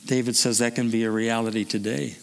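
A man preaching a sermon, swinging between emphatic declaiming and soft, low musing. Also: level tone, a little fast, gravelly, big-room sound. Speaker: pastor.

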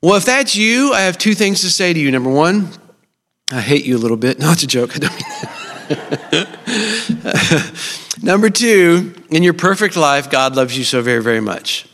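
A middle-aged man preaches to a congregation, his voice sitting a bit high for a man. He tells personal stories earnestly, with flashes of humor. The sound carries a long reverb, as in a large church auditorium. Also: animated, moderate pace, long pauses, a bit bright. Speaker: speaker at a church service. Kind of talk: sermon.

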